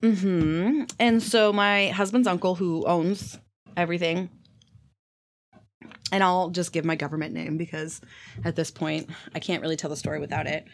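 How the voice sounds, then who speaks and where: A young woman co-hosting a podcast, telling an animated story and swearing freely in casual chat. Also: lowish voice, normal speed. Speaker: podcast co-host.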